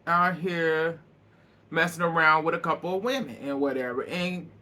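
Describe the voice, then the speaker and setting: A man's voice: fairly high pitch, moderate pace, pushed and bright. A man giving a casual, profane recap of a reality TV episode, laughing often as he talks. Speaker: reaction vlogger.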